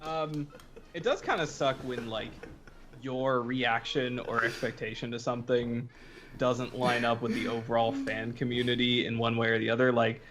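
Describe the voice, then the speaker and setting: A man on a casual podcast speaking in a measured, thoughtful way, pausing on fillers. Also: mid-range voice, level tone, noisy background.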